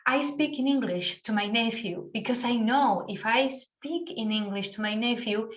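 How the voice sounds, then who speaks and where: Woman, native Spanish speaker, teacher on a video call, higher voice, unhurried patient explaining. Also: fairly bright tone. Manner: patient, explains with spoken examples. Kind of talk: online class lecture.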